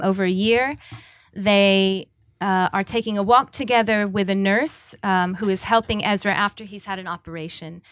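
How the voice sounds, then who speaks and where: Halting woman author at a reading. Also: mid-range voice, a bit bright, no room sound, studio quality. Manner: halting, with many ums and uhs. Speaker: author reading her work. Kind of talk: public book reading.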